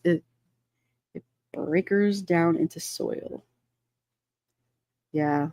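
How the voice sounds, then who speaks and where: Hosting a casual live-stream chat, a middle-aged woman in a mid-range voice speaks at a normal speed, reading viewer comments, laughing often and rambling with many fillers. There's no echo.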